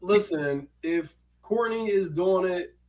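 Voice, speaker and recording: A man's voice: sits high, slow, darkish tone, rough recording. A man co-hosting a casual podcast, playful and hyped, laughing often while he talks. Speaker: podcast co-host. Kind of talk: casual chat.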